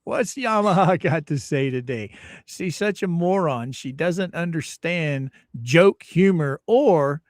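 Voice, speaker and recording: A man's voice: a little high, expressive, takes it slowly, dry recording. Man, livestream host, casual commentary, joking, rambling, dry close sound. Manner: rambling, joking, laughs often.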